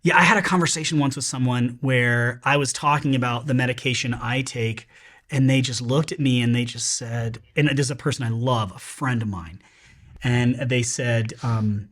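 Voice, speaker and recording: A man's voice: mid-range voice, normal speed, a bit bright. A man hosting a podcast, talking earnestly in casual chat, rambling with restarts and fillers. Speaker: podcast host.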